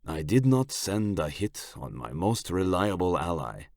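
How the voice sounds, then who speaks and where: A man voicing a menacing, slick Italian crime boss in an audiobook, with a put-on Italian accent and a slow, smug, suggestive delivery. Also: low voice, very animated, darkish tone, dry recording, clean studio sound, heavily acted. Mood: cold. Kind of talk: audiobook character voice.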